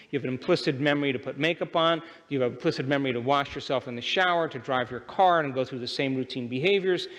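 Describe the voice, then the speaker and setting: A man's voice: fairly high pitch, a bit bright. A man giving a motivational seminar lecture to a live audience, speaking emphatically and often asking the crowd questions. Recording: long hall reverb.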